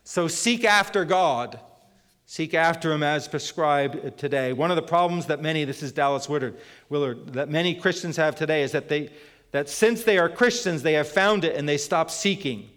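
A middle-aged male pastor giving a conversational sermon, quoting scripture and pausing on fillers. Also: a little high, a bit bright, in a large hall. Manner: conversational preaching, quotes scripture, frequent fillers.

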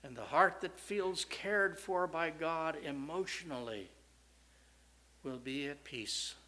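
A man preaching a sermon, swinging from loud, rising questions to soft, low statements with strong emphasis. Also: slow.

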